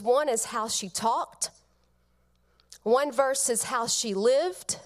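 Slow, tender woman giving a eulogy. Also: on the high side. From Georgia, United States. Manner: slow, tender storytelling with soft pauses. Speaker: eulogist at a grandmother's funeral. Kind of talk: funeral eulogy.

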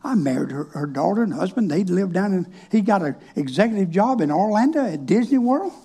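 Country-talking man preaching, husky voice, swings up and down a lot. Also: sits high, expressive, fairly quick, warm tone. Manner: folksy, colloquial, switches between quoted voices. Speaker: pastor. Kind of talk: folksy sermon storytelling.

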